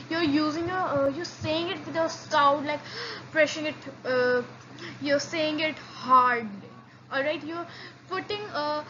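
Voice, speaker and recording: A high, bright-voiced woman teaches a beginner language lesson at an unhurried pace. She is patient and encouraging, repeats sounds for her students to copy and restarts her sentences often. The recording is a little dull, with a faint hiss behind her. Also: expressive. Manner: frequent restarts and fillers.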